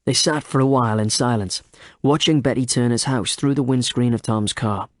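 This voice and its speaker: A male narrator reads a crime novel at a steady, measured pace. His voice has an ordinary middling pitch and a very dry, close studio sound with no room around it. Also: no echo. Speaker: audiobook narrator. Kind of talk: scripted narration.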